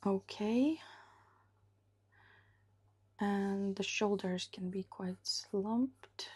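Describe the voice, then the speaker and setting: A woman illustrator talking through a live drawing session, thinking aloud slowly and often dropping to a half-whisper as she works. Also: mid-range voice, a little mellow, breathy edge.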